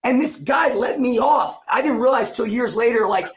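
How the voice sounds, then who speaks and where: At a moderate pace and an extremely high pitch, a New Jersey coach in his forties relates a moving personal experience as a podcast guest. He's intense, keeps repeating himself, and dramatizes the lines he quotes.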